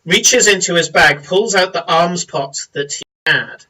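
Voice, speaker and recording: A man narrating a tabletop game as game master, descriptive and unhurried, with many small pauses and fillers. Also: fairly high pitch, pushed and bright, far from the mic, rough recording.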